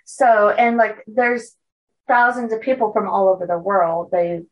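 A woman's voice: medium pitch, level tone, measured pace, recorded from a distance, lo-fi sound. A young woman co-hosting a podcast, telling a story from her notes in a chatty way, full of likes and ums. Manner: chatty, many "like" and "um" fillers, giggly. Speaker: podcast co-host telling a case.

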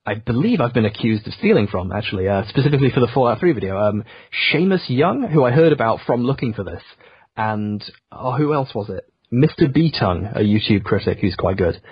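A young man from Yorkshire who speaks with a generic southern English accent rather than a Yorkshire one appears as a video essayist guest in a casual interview over a muffled remote call. His medium-pitched voice is very animated, fairly quick, and breathy-edged, with no room sound. He rambles in a self-deprecating way, full of fillers.

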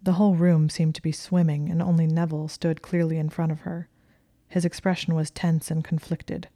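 Low-voiced woman narrating a story. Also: flat delivery. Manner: measured, slips into hushed whispers. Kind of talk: audiobook reading of fan fiction.

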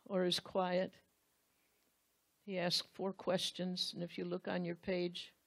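Slow, gravelly woman preaching. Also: fairly low pitch, no room sound. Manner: earnest, speaks directly to husbands, acts out quotes. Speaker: Bible teacher. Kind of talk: sermon.

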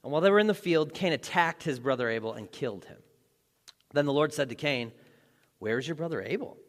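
A man's voice: on the high side, expressive, fast talker. A male pastor preaching a sermon in a conversational, joking way with dramatic emphasis, in a large church hall.

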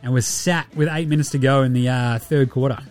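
A man's voice: medium pitch, fairly even intonation, fairly quick, darkish tone, soft background music. An Australian man hosting a sports podcast in casual chat. He is laid-back and slangy, and he swears freely. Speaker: podcast host.

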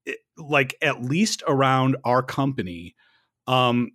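A man hosting a casual podcast chat, chatty and quick to laugh, with rambling asides. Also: mid-range voice, lively intonation, fairly bright tone, dry recording, clean studio sound. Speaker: podcast host.

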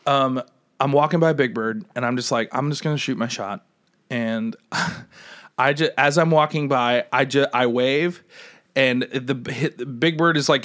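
A young man co-hosting a podcast, telling an animated story in casual chat. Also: normal speed. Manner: animated, laughs while telling stories, jumps into high excited voices. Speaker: podcast co-host.

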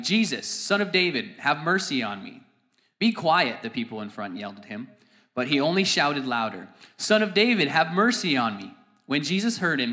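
A man reading a Bible passage aloud in a church service, steady and plain. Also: medium pitch. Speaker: scripture reader.

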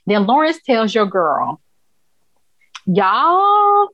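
A woman co-hosting a casual TV recap chat, talking in an animated, emphatic way and laughing often. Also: medium pitch, a little fast, no room sound. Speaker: podcast co-host. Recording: dull, dry recording.

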